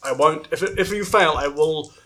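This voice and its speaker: A man's voice: a little high, moderate pace, bright, forceful tone. A man narrating a tabletop game as game master, rambling with many fillers.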